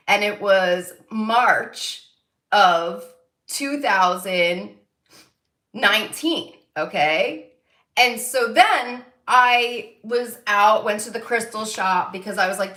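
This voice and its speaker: A woman who hosts her own psychic channel gives a casual spiritual monologue to her viewers, rambling through a personal story with many fillers and an occasional swear word, becoming emotional and nearly tearful. Her voice is mid-range and fairly bright, and it sounds reverberant.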